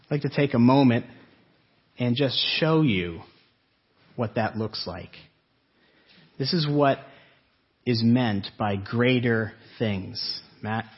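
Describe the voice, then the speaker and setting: A man's voice: mid-range voice, lively intonation, takes it slowly, pauses often, husky, highs cut off. A man preaching a sermon to his congregation, earnest and asking them questions as he goes. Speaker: pastor. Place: church sanctuary.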